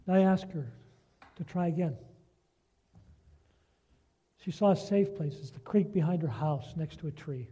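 Guy preaching slow and earnest, kinda high voice, keeps asking the crowd right?. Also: warm tone, slightly rough. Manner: slow, earnest, asks the listeners rhetorical questions. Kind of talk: sermon with a story and scripture reading.

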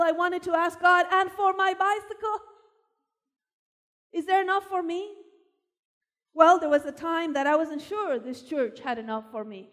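A woman from Argentina preaching a sermon, telling personal stories with animated emphasis. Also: very high-pitched. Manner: animated storyteller, voice rising for emphasis. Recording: long hall reverb.

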